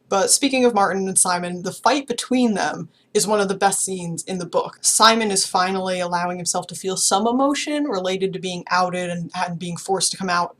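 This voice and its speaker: A woman's voice: mid-range voice, normal speed, few pauses. A young woman chatting enthusiastically as she reviews a novel for her channel. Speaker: book reviewer. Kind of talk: casual book review.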